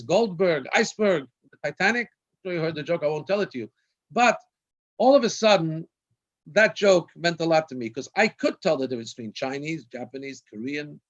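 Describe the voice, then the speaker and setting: A man's voice: fairly high pitch, a bit bright. A man, a rabbi, telling anecdotes on a video call and laughing at his own jokes. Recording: dull lo-fi video call audio.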